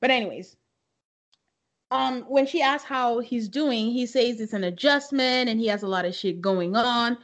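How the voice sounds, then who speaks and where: A young woman co-hosting a podcast, recapping a reality show in a casual, animated way and acting out quotes with laughs. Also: a little high, moderate pace. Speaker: podcast co-host.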